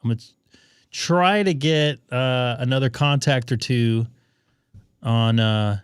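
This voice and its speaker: A man's voice: medium pitch, slow pace, clear, resonant tone, dry recording, studio quality. A man hosting a ham radio live stream, chatting casually and thinking aloud with plenty of fillers.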